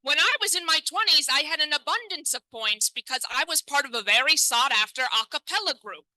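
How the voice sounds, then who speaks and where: Bright-voiced woman doing stand-up. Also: sits high, lively intonation, fairly quick, no echo, low-quality recording. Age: 30s. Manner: self-deprecating, chatty, addresses the crowd. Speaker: stand-up comedian. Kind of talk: stand-up comedy set. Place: comedy stage.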